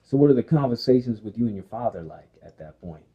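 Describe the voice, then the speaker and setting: A man hosting an interview, asking calm prompting questions. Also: medium pitch, quick pace, lo-fi sound. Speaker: interview host.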